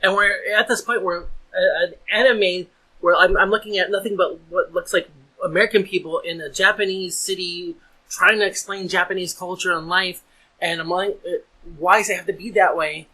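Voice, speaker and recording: Husky, bright-voiced man on a podcast. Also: high voice, fairly even intonation, normal speed, rough recording. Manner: earnest, repeats words while building an argument. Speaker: podcast host. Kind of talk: casual podcast discussion.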